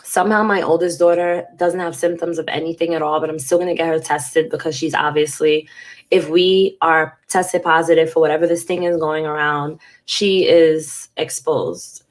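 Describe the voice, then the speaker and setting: A woman's voice: deep voice, fairly even intonation, normal speed. A congested woman in her thirties talking frankly and casually to her viewers in a personal vlog, swearing now and then. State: congested from a cold. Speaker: vlogger.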